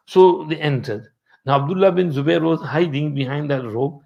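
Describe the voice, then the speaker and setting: Brief: male religious teacher, storytelling lesson, fairly high voice. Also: normal speed, creaky, darkish tone. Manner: storytelling, mixing in Urdu and Arabic terms. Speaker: Islamic teacher. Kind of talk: Quran commentary lesson.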